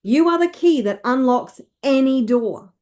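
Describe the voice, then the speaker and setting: A woman wealth coach leading listeners through slow, emphatic affirmations to repeat after her. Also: sits high, animated, a little mellow.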